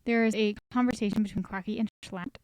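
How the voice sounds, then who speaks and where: A woman's voice: mid-range voice, steady tone, quick pace, darkish tone, dry recording, rough recording. A woman casually recapping a story, chatty and full of joking asides. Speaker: recap host.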